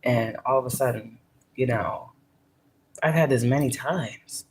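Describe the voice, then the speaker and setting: Her voice is a rumbling low one, a little mellow and measured in pace, with slight background noise behind it. This spiritual teacher, who also manages a workplace, delivers a casual pep talk that's profane and emphatic, performing the voices she quotes.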